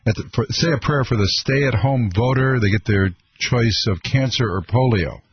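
A man hosting a call-in radio show, rambling and halting, with many fillers and restarts. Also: medium pitch, dull audio. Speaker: radio talk show host.

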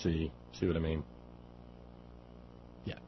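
A man's voice: extremely low pitch, little pitch movement, slow. A man hosting a political talk radio show, sarcastic and combative, talking loosely with many fillers and restarts. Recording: dull lo-fi radio audio with faint noise.

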